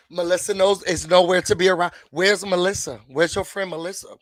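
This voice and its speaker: Man, high voice, animated reality-show recap, dry close mic. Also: normal speed, hardly any pauses, no room sound. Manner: chatty, animated, acts out quotes.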